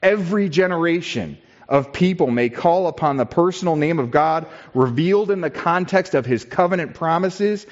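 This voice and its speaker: A man preaching a sermon in a church, slow and emphatic, building on repeated phrases. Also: mid-range voice, muffled recording. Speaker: pastor.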